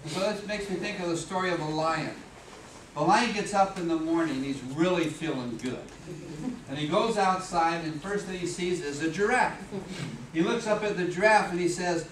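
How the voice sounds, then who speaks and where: A man's voice: on the high side, normal speed. A middle-aged man gives a humorous motivational talk at an office meeting, telling stories and acting out voices and sounds. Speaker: speaker at a business meeting. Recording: echoey room, far from mic, background noise.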